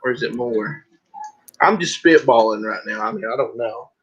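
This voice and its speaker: A man hosts a casual livestream, rambling and joking as he packs books. His voice sits at a middling pitch. The stream audio is dull and lo-fi. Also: moderate pace, fairly bright tone, breathy edge. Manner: joking, rambling, breaks into laughter. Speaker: livestream host. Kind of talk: casual live-stream chat.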